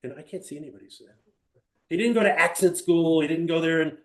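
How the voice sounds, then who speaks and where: An older man teaches a live motivational seminar quickly, his voice on the high side and the sound reverberant. Before a small-room audience he tells vivid stories, asks them questions, leans on rhetorical ones, and acts out other characters.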